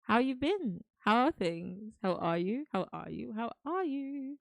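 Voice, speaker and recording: A woman's voice: a little high, very animated, a little slow, creaky, no echo, clean studio sound. A woman streamer chatting casually with her viewers, affectionate and talkative, calling them darling. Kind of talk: casual live-stream chat.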